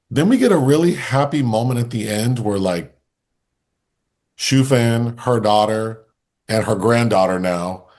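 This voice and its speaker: A man co-hosting a film review podcast, relaxed as he recounts a plot step by step in casual conversation. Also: fairly low pitch.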